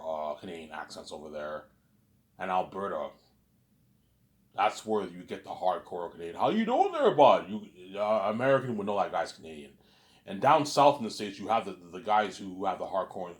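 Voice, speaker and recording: A man talking to the camera in a casual monologue vlog, rambling, repeating himself and getting sidetracked. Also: deep voice. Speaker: YouTuber.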